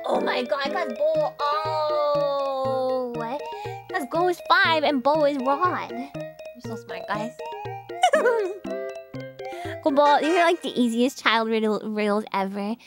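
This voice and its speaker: A woman's voice: high-pitched, expressive, slow pace, music in the background. A woman streaming a game in casual chat, giggling and rambling as she reads riddles aloud.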